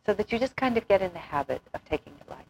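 A woman's voice: mid-range voice, lively intonation, rapid-fire, vocal fry, a little mellow, slight background noise, low-quality recording. A woman giving an informal spiritual talk, telling anecdotes, acting out quotes and laughing often. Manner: chatty storyteller, laughs often, acts out quotes. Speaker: spiritual teacher.

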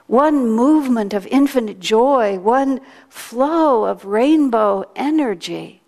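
A woman giving a sermon, telling stories in a gentle, reflective way. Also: fairly high pitch, vocal fry. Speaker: spiritual teacher. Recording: long hall reverb.

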